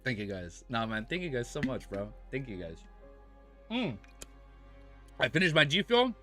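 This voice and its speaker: An American man chats casually with his live-stream viewers, joking, laughing often, and tossing out mock-French phrases. His mid-range voice is very animated, bright, and forceful at a moderate pace, with soft music in the background.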